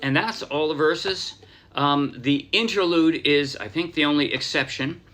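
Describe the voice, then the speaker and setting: Bright-voiced American man teaching ukulele. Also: on the high side, a little slow, faint music behind. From United States. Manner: relaxed, rambling, counts beats aloud. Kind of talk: casual music tutorial. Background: ukulele strumming.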